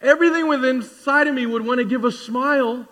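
A man in his forties preaching a sermon in a conversational, animated way, acting out little asides. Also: very high-pitched, fast talker, long reverb tail. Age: 40s. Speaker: pastor. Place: church sanctuary.

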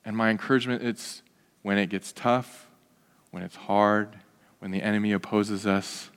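A man's voice: lowish voice, fairly even intonation, moderate pace, clear, resonant tone, in a large hall. A male pastor preaching a sermon, earnest and exhorting, often posing rhetorical questions.

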